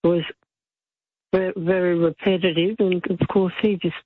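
A woman calling a radio show, speaking in a hesitant, halting way. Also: fairly low pitch, level tone, slight background noise. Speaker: caller. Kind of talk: phone-in recollection. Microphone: phone. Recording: tinny phone line.

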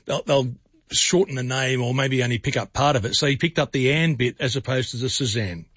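A male radio host talks with a caller in a relaxed way and asks follow-up questions. His voice is a little husky. It sounds dry and slightly dull. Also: mid-range voice, fairly quick, dry recording. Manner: conversational, prompts with questions. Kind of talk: talk radio interview.

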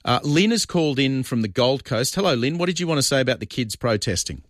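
A man's voice: mid-range voice, lively intonation, fast, no room sound, clean studio sound. A man with an Australian accent hosting a talkback radio show, blunt and combative with callers and listeners.

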